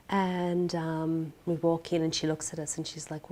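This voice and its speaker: A slightly low-voiced woman tells her own story as a podcast guest. She acts out the people she quotes, and at the hardest parts her voice drops to a near-whisper. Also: flat delivery, measured pace, few pauses, a little mellow, a little hiss or hum. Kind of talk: personal storytelling interview.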